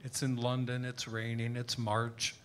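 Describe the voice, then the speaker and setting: A man's voice: medium pitch, completely flat delivery, a little slow, fairly bright tone, a little hiss or hum. A man as a guest author, animatedly telling an anecdote at a live tavern event and slipping into quoted voices. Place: tavern event before an audience.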